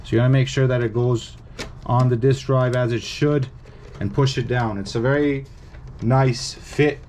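Male repair tech narrating a step-by-step tutorial at a workbench; relaxed, emphatic on cautions, faint hiss behind. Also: mid-range voice, normal speed. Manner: casual, instructive, emphatic about warnings. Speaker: repair technician.

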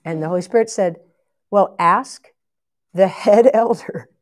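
A woman preacher telling a long story in a sermon, animated, acting out the voices of the people in it and often laughing. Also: medium pitch, unhurried. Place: conference hall.

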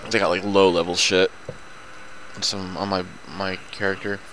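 A deep-voiced man speaks in a level tone at a moderate pace over very noisy audio. He's a gaming commentator playing a video game with a friend, chatting loosely, talkatively and profanely.

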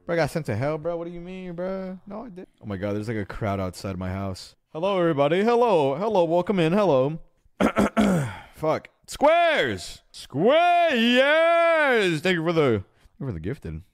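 A young man casually livestreaming a game, excitable and swearing, with sudden shouts. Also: on the high side, fairly quick, creaky, no room sound. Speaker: streamer.

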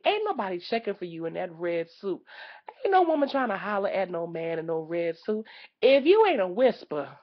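A woman giving a sassy, loudly exasperated comedic rant as a vlogger. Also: mid-range voice, gravelly, lo-fi sound. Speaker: vlogger reviewing a karaoke night.

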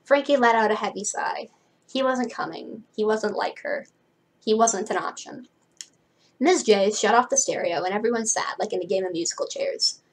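A young woman reading a novel aloud and breaking off for wry, chatty asides, raising her pitch to voice the characters. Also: poor audio. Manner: chatty, wry, quick to laugh at the book; drops to a hushed voice now and then. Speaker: book reader and commentator.

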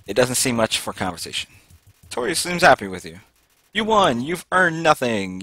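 A young man playing a video game, reading its text aloud and reacting with excitable yelps and panicked shouts. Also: medium pitch, normal speed, no echo, soft background music. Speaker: let's play gamer.

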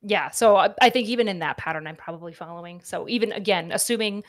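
A woman's voice: mid-range voice, fast talker, no room sound, clean studio sound. A woman in her twenties talking candidly as a podcast guest, chatty and full of fillers. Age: 20s. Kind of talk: casual podcast conversation.

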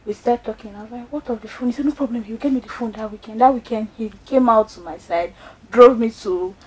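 A woman's voice: on the high side, fast. A young Nigerian woman telling a personal story in a casual chat, acting out the voices in it. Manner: animated, acts out quoted dialogue. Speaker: guest storyteller. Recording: voice from far off the mic.

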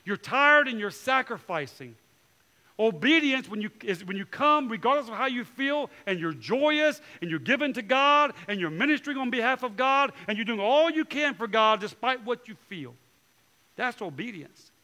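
A male pastor delivering a sermon with a high, bright voice. He preaches in an animated way, jumping into short impressions of churchgoers and quoting scripture with emphasis. His tone stays forceful and clear as he drives each point home. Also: normal speed. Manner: animated preaching, acting out voices of people and God.

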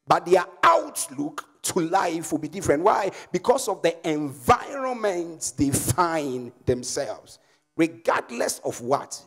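A man with a Ghanaian English accent preaching a sermon as pastor and prophet, leading the congregation in call-and-response. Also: high-pitched. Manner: slow, emphatic preaching with repetitions.

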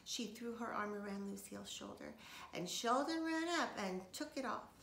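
A woman reading a children's chapter book aloud with expressive storytelling. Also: medium pitch, moderate pace, creaky. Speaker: reader. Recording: echoey room, faint noise.

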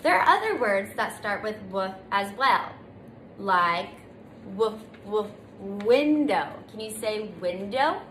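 A woman teaching a children's circle time lesson in a gentle, sing-song way, stretching out letter sounds for little ones to repeat. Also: medium pitch, expressive, a little slow. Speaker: preschool teacher. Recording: echoey room, faint noise.

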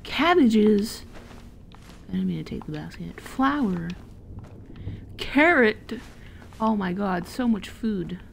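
A woman's voice: medium pitch, lively intonation, slow pace, creaky, a little hiss or hum. A woman streamer giving casual, playful commentary while playing a game, giggling and swearing freely. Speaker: gameplay streamer.

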